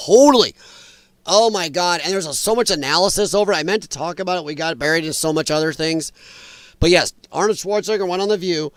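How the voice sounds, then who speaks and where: A man with a strikingly high voice runs a casual livestream, speaking directly to his chat, animated and laughing often between riffs. The sound is close and dry with no echo or room.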